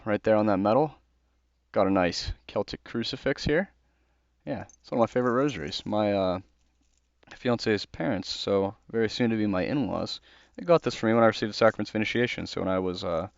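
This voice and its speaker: A man's voice: lowish voice, no echo. A young American man in casual, earnest commentary on a book, talking conversationally with fillers. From United States. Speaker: host. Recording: dull dry lo-fi recording.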